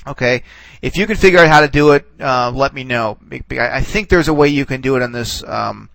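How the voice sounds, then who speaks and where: A man teaching a recorded lesson, relaxed and reassuring, who stops and restarts often and checks in with "okay.". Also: mid-range voice, vocal fry, dry recording, low-quality recording. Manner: halting, full of restarts and "okay"s. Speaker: Greek teacher. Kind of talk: recorded classroom lecture.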